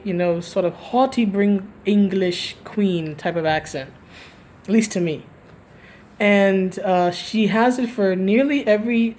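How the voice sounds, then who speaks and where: A woman's voice: mid-range voice, darkish tone, a little hiss or hum. A woman giving casual opinion commentary for a gaming video, rambling, restarting her sentences and tagging them with "right?". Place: at home, recorded live.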